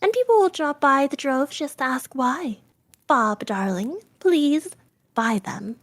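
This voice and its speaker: A woman's voice: high voice, expressive, slow pace, fairly bright tone, pitched above the performer's own voice, heavily acted. Marcia, a woman doing a giddy young bride. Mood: gushing. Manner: gushing, teasing.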